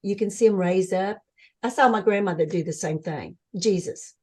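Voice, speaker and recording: An older woman as an interview guest, telling her story in an earnest, animated way and acting out what others said. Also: mid-range voice, normal speed. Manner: earnest, animated storytelling, acts out quoted voices. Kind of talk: conversational interview.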